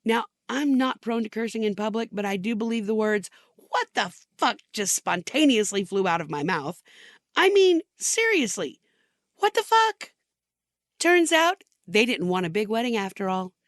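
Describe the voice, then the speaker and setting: A woman's voice: medium pitch, moderate pace, dry recording, studio quality. Sardonic older mother of the bride. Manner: sardonic, exasperated. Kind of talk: comic dramatic monologue.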